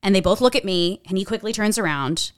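A young woman tells a personal story in a casual, animated voice. She leans on "like" and swears freely. Her voice is smooth and clean, recorded dry with no room sound. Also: mid-range voice, fairly quick, dry recording. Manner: animated, chatty, swears freely, says "like" often.

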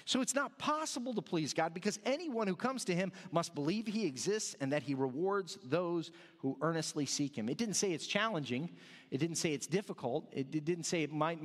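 A man's voice: sits high, animated, moderate pace. A male pastor preaching a sermon in a loose, joking, conversational way, often restarting his sentences. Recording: long hall reverb.

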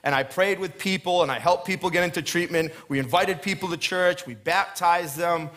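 A man's voice: high-pitched, a bit bright. A man preaching a sermon in a church, telling his own story in a chatty way and building into emphatic preaching. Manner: storytelling, chatty, quick asides with laughs. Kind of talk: sermon with personal testimony. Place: church stage.

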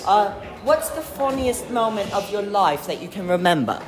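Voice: medium pitch, sing-song, moderate pace. A vlogger chatting casually, joking and teasing friends while wandering a busy public building. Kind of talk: casual vlog chat.

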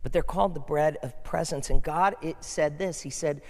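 A man's voice: a little high, normal speed. A man preaching a conversational sermon as pastor, asking his congregation questions. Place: church sanctuary. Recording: long hall reverb.

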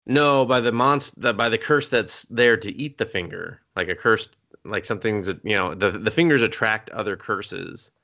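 A man's voice: fairly low pitch, moderate pace, vocal fry, pushed and bright. A young man on a podcast casually recapping an anime episode, rambling, laughing often and coughing now and then. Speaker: podcast co-host.

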